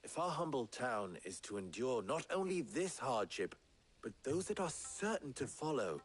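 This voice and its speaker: A commanding middle-aged rebel leader, formal and dryly ironic. His delivery is lively in pitch, rising and falling through each line. Faint music plays under the game dialogue. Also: normal speed, slightly rough. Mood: grave. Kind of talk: video game voice acting.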